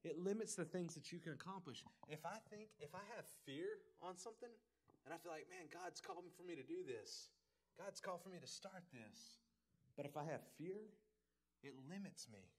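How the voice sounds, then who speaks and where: A man, preaching a casual sermon in a folksy, joking way and often repeating words. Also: a little high. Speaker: pastor.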